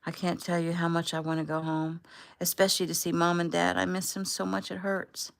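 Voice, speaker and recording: A woman's voice: lowish voice, completely flat delivery, brisk, creaky. A woman voicing a tearful, earnest young woman from a storybook who has been away from her family for a long time and aches to get home. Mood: emotional. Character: young woman rescued, emotional, yearning for home.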